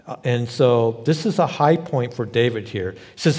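A man's voice: medium pitch, expressive, normal speed, a little mellow, long reverb tail. A man pastor preaching a sermon in a conversational way, rising into emphatic bursts. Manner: conversational, emphatic bursts, frequent "you know".

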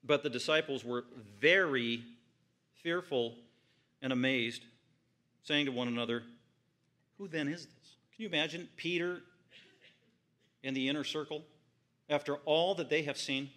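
A man's voice: a little high, normal speed, pauses often, sharp tone. A man preaching an expository sermon in church, reading scripture aloud and then explaining it with rising emphasis. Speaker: pastor.

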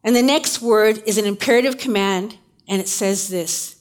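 New woman preacher, chatty sermon delivery, somewhat high pitch. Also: a little fast. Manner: conversational, uses casual asides and fillers.

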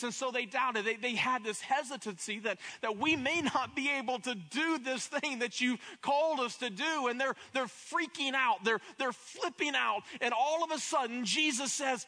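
A man's voice: very high-pitched, moderate pace, few pauses, sharp tone. A man preaching a sermon as pastor, impassioned, often repeating words as he builds up.

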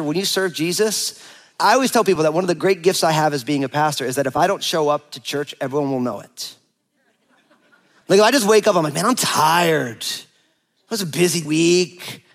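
A man's voice: a little high, fairly quick. A man in his forties, a pastor preaching a sermon, telling a personal story with humor and acting out the dialogue. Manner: animated, playful, acts out quoted dialogue.

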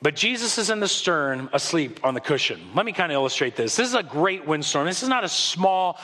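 A man preaching a sermon as pastor, telling the story with animated storytelling and acting out the voices. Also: on the high side, brisk. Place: church sanctuary. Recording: long hall reverb.

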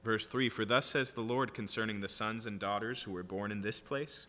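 A little background noise accompanies this sermon in a large hall, delivered in a lowish, sharp-toned voice at a moderate pace. The preacher reads Bible passages and explains them in a conversational manner, with frequent "right?" asides.

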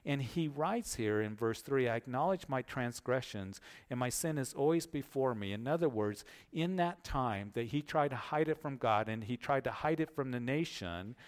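Smooth-voiced pastor teaching scripture. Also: male voice, mid-range voice, lively intonation, moderate pace, few pauses. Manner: earnest, explanatory, with frequent repeated words and "uh" fillers. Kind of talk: verse-by-verse Bible teaching.

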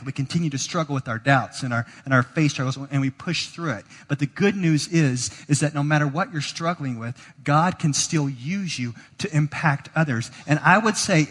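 In a church sanctuary with the space of a large hall, a man delivers a sermon as pastor. His voice sits in the middle range with a slightly bright edge, and his earnest delivery frequently doubles up words at the start of phrases.

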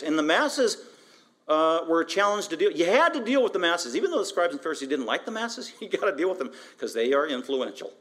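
Emphatic pastor preaching with a higher voice. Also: male voice, fairly quick. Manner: emphatic, animated, with frequent repetition; asks rhetorical questions. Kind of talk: expository sermon.

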